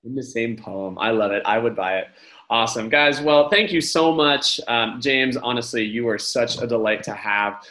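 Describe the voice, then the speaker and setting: A man's voice: mid-range voice, normal speed, sharp tone. A man hosting a podcast, playful and upbeat, teasing his guest as he wraps up the show. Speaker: podcast host. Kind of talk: casual chat.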